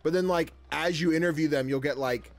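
Speaking a little fast in a slightly high voice, a young gaming YouTuber narrates a let's-play over soft background music. He's loose and playful, reading out game text, joking, laughing frequently, and keeping things chatty and slangy.

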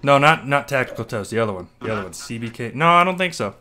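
A young man hosting a live game stream, joking loudly and trash-talking with friends over a headset. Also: medium pitch, expressive, quick pace, background noise. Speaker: streamer and host. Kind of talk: casual gaming chat on a live stream.

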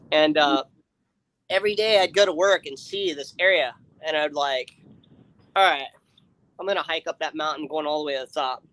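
A man telling a long story in casual chat on a livestream, rambling with fillers and acting out his friends' lines. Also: a little high. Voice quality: rambling, many fillers and restarts. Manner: animated, acts out friends' lines.

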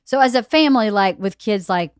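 A woman's voice: mid-range voice, lively intonation, a little fast, no echo, clean studio sound. A middle-aged woman hosting a podcast, chatting casually with family, laughing often and asking questions. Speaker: podcast host. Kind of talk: casual chat.

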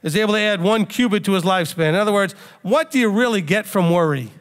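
High-voiced rabbi preaching in a hall. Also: male voice, fast. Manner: conversational teaching, sometimes acts out panicked outbursts. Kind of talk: sermon. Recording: reverberant hall.

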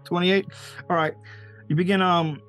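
A man's voice: high voice, fairly even intonation, normal speed, a bit bright, faint music behind. Laughing, rambling man running a game. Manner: loose, rambling, laughs often. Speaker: game master. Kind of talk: narrating a tabletop game.

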